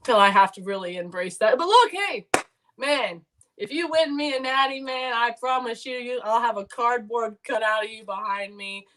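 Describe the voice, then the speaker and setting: A woman's voice: a little high, moderate pace, a bit bright. A woman co-hosting a sports betting show, chatting casually in a joking, rambling, self-deprecating way. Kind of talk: casual live sports chat.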